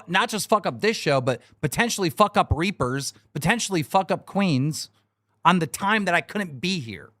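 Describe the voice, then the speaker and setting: A man's voice: high-pitched, sharp tone, no echo, clean studio sound. A man hosting a livestream, talking casually in a blunt, profane, scolding way. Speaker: livestream show host.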